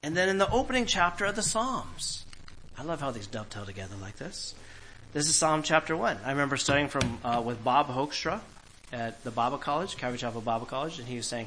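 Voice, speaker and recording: A man's voice: medium pitch, animated, a little fast, sharp tone, a little hiss or hum, low-quality recording. A man preaching a sermon, emphatic and asking the congregation questions as he reads scripture. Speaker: pastor.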